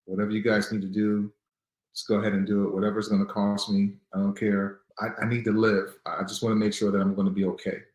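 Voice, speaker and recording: This Newark, New Jersey man in his thirties, appearing as a guest, talks fast in a fairly low, darkish voice with a level tone. He earnestly relates his own story, turning defiant as he remembers fighting back, while the room echoes noticeably.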